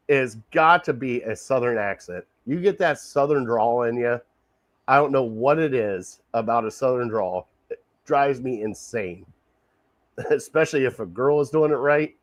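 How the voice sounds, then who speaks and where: A man hosts a relaxed podcast chat with a guest. He talks with eager enthusiasm, laughs easily and tends to say things twice. His voice sounds dry and close to the mic. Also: medium pitch, dry recording. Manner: enthusiastic, laughs often, repeats himself. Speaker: podcast host. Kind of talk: casual sports podcast chat.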